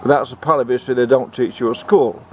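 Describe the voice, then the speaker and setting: A man telling a comic tall tale in a rambling, halting way, often restarting his sentences. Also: medium pitch, steady tone, a little hiss or hum. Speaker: storyteller. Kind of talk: comic folk storytelling.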